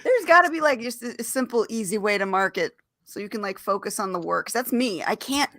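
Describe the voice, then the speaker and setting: A woman's voice: medium pitch, expressive, brisk, a bit bright, dry recording. A woman hosting a casual chat over a video call, talking bluntly and swearing freely. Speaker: host.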